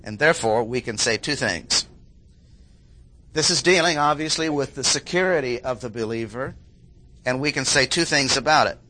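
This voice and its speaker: A man delivering an expository sermon in a bright, forceful voice at a middling pitch. He leans on key phrases, repeating them for emphasis, and stops now and then to clear his throat. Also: normal speed. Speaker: preacher.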